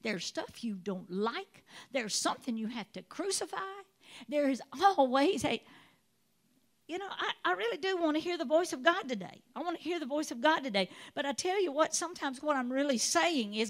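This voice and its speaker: A woman with a high, bright-sounding voice preaches a sermon. She tells Bible stories with animated storytelling and slips into the voices of the characters as she goes. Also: normal speed. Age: adult. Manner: animated storytelling, acts out voices of biblical figures.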